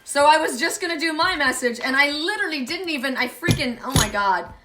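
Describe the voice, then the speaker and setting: A woman doing an oracle card reading on a livestream, talking excitedly, often exclaiming, swearing and laughing. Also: high-pitched, a little fast, over loud music. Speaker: intuitive card reader.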